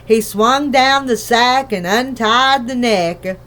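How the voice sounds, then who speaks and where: A woman reading a children's book aloud in a gentle, unhurried storybook manner. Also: a little high. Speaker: narrator.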